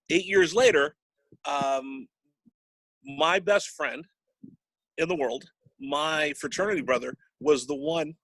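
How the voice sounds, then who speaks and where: A man's voice: on the high side, a bit bright, dry recording, poor audio. A man, a sports broadcaster, telling personal stories in an interview and getting choked up at times. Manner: emotional, gets choked up. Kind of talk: storytelling interview.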